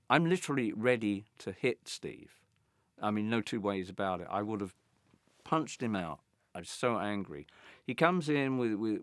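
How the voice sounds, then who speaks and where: An older man recounting a backstage story in an interview, animated, acting out the others' lines and often stammering into restarts. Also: medium pitch, no room sound, studio quality. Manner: animated, acts out quoted voices, stammering restarts. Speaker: interviewee, former band guitarist.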